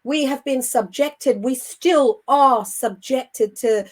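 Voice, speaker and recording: A middle-aged woman co-hosting a Christian show, speaking earnestly and with indignant emphasis. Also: high voice. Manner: emphatic and indignant, with measured phrasing. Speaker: co-host of a Christian online show. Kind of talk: earnest spiritual talk.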